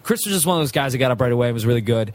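A man's voice: mid-range voice, expressive, dry recording. A young adult man, a sitcom actor, telling stories in a casual podcast chat, swearing freely. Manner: rapid, profane storytelling.

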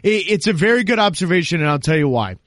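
A man's voice: high voice, animated, fast talker, fairly bright tone, no echo, studio quality. A man talking soccer on a podcast as an analyst guest, emphatic and confident as he explains at length. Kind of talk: casual podcast chat.

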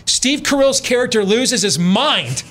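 A man's voice: very high voice, very animated, unhurried, fairly bright tone. A man hosting a talk radio show who gives emphatic opinions and speaks straight to his listeners. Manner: emphatic, addresses listeners directly. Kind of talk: opinionated commentary.

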